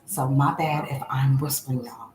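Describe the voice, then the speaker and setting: A woman's voice: low-pitched, normal speed. A woman hosting a cooking livestream from her kitchen, chatting casually to viewers and often dropping into a near whisper. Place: home kitchen. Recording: echoey room with background noise.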